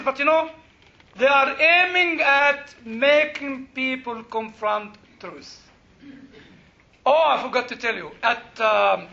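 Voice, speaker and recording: A man teaching a Bible study class in an animated, joking way, quizzing his listeners. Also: very high voice, vocal fry. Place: classroom with a group. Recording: dull lo-fi recording.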